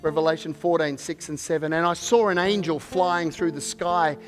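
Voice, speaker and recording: A man preaching a sermon as pastor, measured and repeating words as he searches for phrasing, then building to a fervent call near the close. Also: a little high, steady tone, soft background music.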